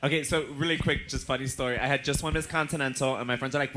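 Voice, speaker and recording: A man's voice: medium pitch, steady tone, racing, few pauses, sharp tone. A man hosting a bar viewing party, telling a chatty, anecdotal story. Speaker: drag queen host.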